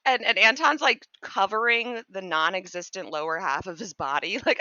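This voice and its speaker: A woman's voice: medium pitch, normal speed, sharp tone, no room sound, dull audio. A woman narrating as game master of a tabletop game, casual and giggly, with lots of fillers.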